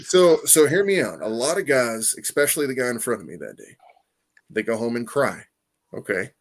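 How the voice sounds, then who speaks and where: Animated, swearing man telling a story. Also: medium pitch, moderate pace. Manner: animated, profane, lots of "you know what I mean"; acts out quoted voices, laughs often. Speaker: comic artist guest. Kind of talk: casual storytelling interview.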